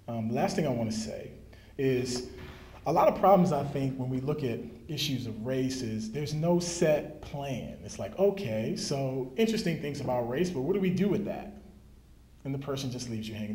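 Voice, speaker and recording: A man who writes and teaches management, giving an animated public talk full of anecdotes and asides. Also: medium pitch, slight background noise. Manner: animated, anecdotal, frequent "right?". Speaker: speaker, author and management teacher. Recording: echoey hall.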